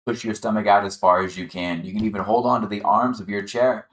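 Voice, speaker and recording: Calm low-voiced man guiding chair yoga. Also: fast talker, few pauses, reverberant. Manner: calm, encouraging, guiding the breath step by step. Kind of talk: guided exercise instruction.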